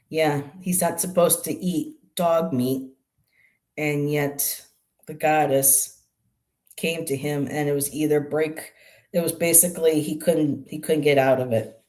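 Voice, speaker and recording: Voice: mid-range voice, steady tone, takes it slowly, pauses often, darkish tone. A tarot reader on a live stream who explains each card in a musing, hesitant way, with many ums and restarts. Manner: explains card meanings aloud.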